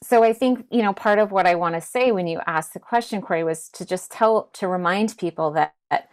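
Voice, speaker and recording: A woman speaking as a therapist guest, giving gentle advice and often repeating words as she thinks. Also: mid-range voice, brisk. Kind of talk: casual advice talk.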